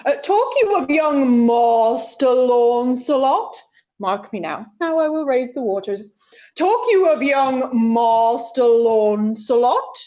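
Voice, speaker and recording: A young male clown servant, played by a woman, bounces between voices in a comic argument with himself. The voice is high and swoops all over, though the delivery is unhurried. This is Shakespeare performed over a video call. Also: expressive, dark tone. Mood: mischievous.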